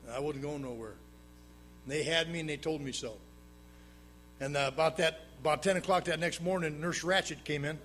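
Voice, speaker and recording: Man, recovery meeting speaker, bright tense voice, loud bursts and hushed asides, faint hum behind. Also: a little fast. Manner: swings between loud emphatic bursts and low hushed asides; plain-spoken storyteller with dry humor. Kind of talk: personal recovery story told to an audience. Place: meeting room with a live audience.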